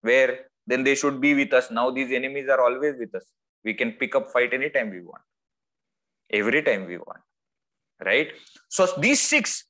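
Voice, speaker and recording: A man with an Indian English accent giving a spiritual discourse over a video call, telling stories with lively swings of voice. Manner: lively storytelling, acts out quoted voices with wide swings in pitch. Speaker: spiritual teacher. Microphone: video call microphone.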